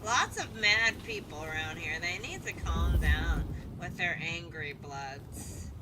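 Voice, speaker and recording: A woman's voice: lowish voice, lively intonation, slow pace, heavy background noise. A woman streaming a video game, chatting playfully and swearing freely with muttered asides, over game music. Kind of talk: casual gameplay commentary.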